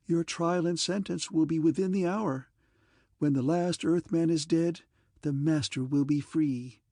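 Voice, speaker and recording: A man's voice: on the high side, takes it slowly, a little mellow, no echo, clean studio sound, voice pushed up. A man doing a mocking, seductive female robot. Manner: mocking, caressing tone.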